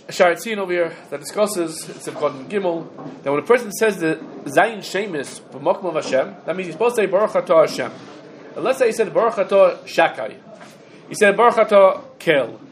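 A man's voice: high-pitched, slight background noise. A man teaching a halacha class, going through rulings step by step, quoting sources and asking questions. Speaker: Torah teacher.

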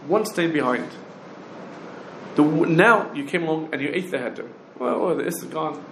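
A man teaching a Talmudic law lecture, firing off rapid questions and rising challenges. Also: fairly high pitch, lively intonation, vocal fry, fairly bright tone, a little hiss or hum. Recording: roomy echo with faint ambience.

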